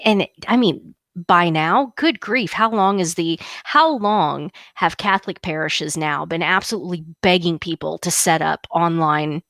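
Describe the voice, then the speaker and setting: A middle-aged woman co-hosting a podcast in casual chat, animated and laughing often, with frequent restarts. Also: mid-range voice, no room sound, clean studio sound. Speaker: podcast co-host.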